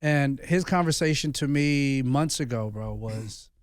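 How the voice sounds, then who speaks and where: A man's voice: mid-range voice, unhurried, no room sound, clean studio sound. A man in his thirties, a podcast host and former pastor, telling personal stories in a candid, earnest way. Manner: earnest, confessional storytelling peppered with "bro". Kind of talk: candid conversation.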